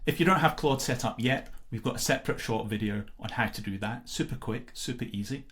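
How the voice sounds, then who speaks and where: A man casually narrating a screen-recorded software tutorial, relaxed and explanatory, with many filler pauses. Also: medium pitch. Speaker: software demo presenter.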